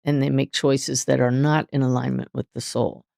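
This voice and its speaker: Low-voiced woman telling stories. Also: moderate pace, creaky, dry recording, studio quality. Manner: animated storytelling, voices inner dialogue. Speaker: guest medium. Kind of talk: interview conversation.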